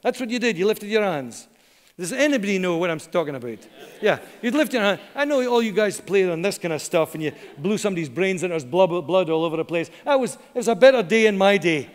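Preaching pastor, high voice, church reverb. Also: male voice, big pitch swings. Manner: earnest, dramatic pauses, slows for emphasis. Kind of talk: sermon. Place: church hall.

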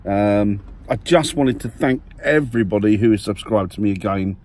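A man's voice: on the low side, moderate pace, darkish tone. A man vlogging casually to his viewers from his car, rambling and correcting himself as he talks. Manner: rambling, self-correcting, friendly. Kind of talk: casual vlog to camera. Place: parked car.

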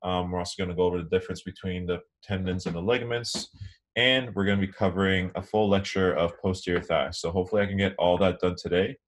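A man's voice: deep voice, fast. A young man giving an anatomy lecture online, explaining casually with many ums. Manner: relaxed, filler-heavy explaining.

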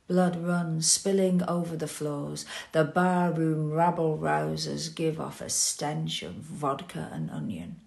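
Woman, dramatic poetry reading, very slow, gravelly low voice, grave, sinks to whispers and swells to cries. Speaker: poetry reader.

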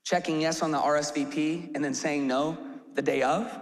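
A man preaching a sermon as pastor, telling a parable in an animated way and shouting out rhetorical questions. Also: a little high, normal speed. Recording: live sermon with long hall reverb.

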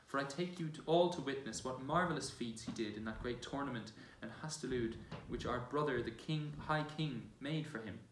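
A man's voice: mid-range voice, a little hiss or hum, natural voice. A man voicing an earnest young queen who speaks in formal, old-fashioned phrases, in a roomy church from far off. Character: earnest young queen, gentle but troubled.

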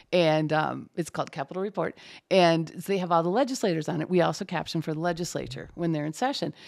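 A woman's voice: lowish voice, vocal fry. A woman working as a closed captioner, talking casually and animatedly as a guest in an interview. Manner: chatty, animated storyteller.

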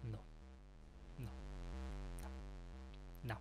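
A man doing horror game commentary, swearing and breaking into sudden startled shouts. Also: extremely slow, soft background music. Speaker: gaming channel host.

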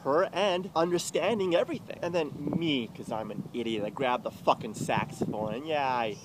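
A young man swearing his way through an agitated, confessional rant, getting loud and then going quiet. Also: mid-range voice, animated, normal speed. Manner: profane, agitated, swings loud and soft. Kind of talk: ranting confessional monologue. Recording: loud street noise outdoors.

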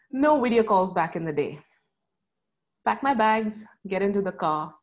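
A woman's voice: medium pitch, a little mellow, muffled recording. A woman, telling a personal story on stage in an earnest, paced way. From South India. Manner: earnest, dramatic pauses.

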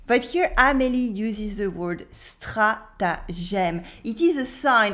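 A French native woman teaching in a video lesson, explaining clearly and slowly repeating example words. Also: on the high side.

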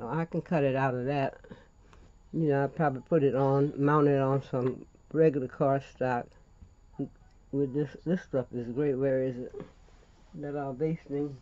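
Folksy older Louisiana woman, warm tone. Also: low voice, lo-fi sound. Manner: folksy, rambling, calls viewers honey. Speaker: craft tutorial host. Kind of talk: chatty crafting tutorial.

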